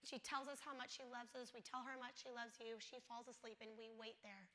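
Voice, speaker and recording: A woman in her thirties tells a personal story to an audience. Her voice sits high and bright. She speaks candidly, lively in the retelling and quiet and soft in the tender parts. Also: brisk. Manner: candid, swings from animated to hushed and soft.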